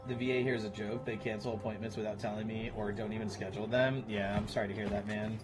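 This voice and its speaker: A man in his thirties with a lowish, level voice talks fast to his stream viewers over background music. He's casual, blunt, and profane as he chats with them.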